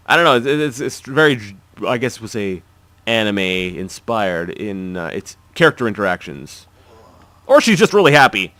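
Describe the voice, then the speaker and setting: A man's voice: on the low side, sing-song, normal speed, bright, forceful tone, no room sound, faint music behind. A man casually talking through a video game playthrough, chatty, wry and rambling with restarts. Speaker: gaming video host.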